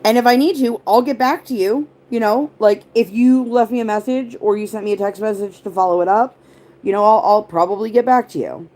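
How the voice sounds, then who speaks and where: She's a livestream host around forty, talking casually and rambling off on tangents while responding to viewer comments, with "like" cropping up heavily. Her mid-range voice is a little mellow and fairly quick.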